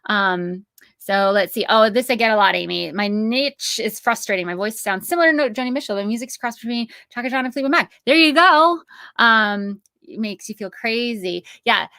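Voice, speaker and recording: A woman's voice: fairly high pitch, normal speed, bright, forceful tone, no room sound, studio quality. A woman in her thirties hosting an online course, teaching in a chatty, upbeat way with many asides and fillers. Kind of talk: live-streamed teaching with Q&A.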